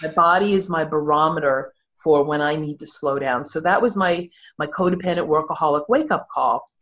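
Low-voiced woman in her sixties. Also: normal speed, fairly bright tone. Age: 60s. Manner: candid, self-deprecating, laughs at herself. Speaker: therapist and podcast guest. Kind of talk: conversational interview storytelling.

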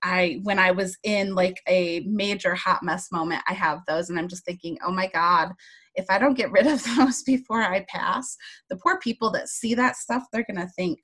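A woman's voice: on the low side, moderate pace, a bit bright. Upbeat woman podcast host. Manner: effusive, upbeat, chatty with many fillers. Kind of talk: casual interview chat.

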